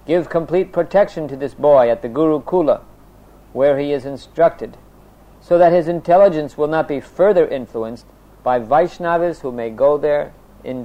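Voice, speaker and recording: A man teaching a religious class, reading a scripture text steadily, then explaining it with pauses and fillers. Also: warm tone, lo-fi sound. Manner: chants prayers in a low voice.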